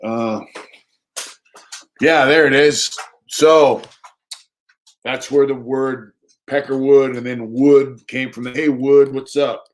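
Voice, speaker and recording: A man's voice: mid-range voice, fairly even intonation, takes it slowly, long pauses. Man, casual livestream chat, rambling, repetitive, reads comments aloud. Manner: talks to his dog between thoughts. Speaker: livestream host.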